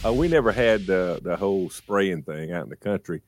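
A man who is a regular on a morning radio show, telling childhood stories in a rambling, animated way. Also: low-pitched, moderate pace, music in the background. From rural United States. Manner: animated, rambling anecdotes with self-corrections. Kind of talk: casual storytelling on morning radio.

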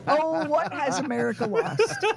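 A woman's voice: high voice, expressive, a little slow, gravelly. A woman hosting a morning radio show, teasing her guest wryly and leading into a break. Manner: teasing, wry. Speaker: radio host. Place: radio studio.

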